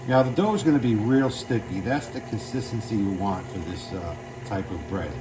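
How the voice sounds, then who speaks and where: A middle-aged man with a Brooklyn accent, hosting a casual cooking demonstration in a relaxed, plainspoken way. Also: fairly low pitch, normal speed. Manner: relaxed, plainspoken, repeats "real simple". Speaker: cooking show host. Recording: noisy kitchen recording.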